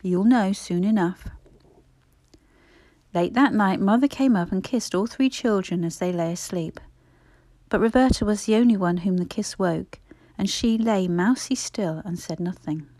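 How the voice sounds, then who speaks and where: A woman narrating a classic children's story in a measured, expressive reading. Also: mid-range voice, no echo, studio quality. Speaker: audiobook narrator.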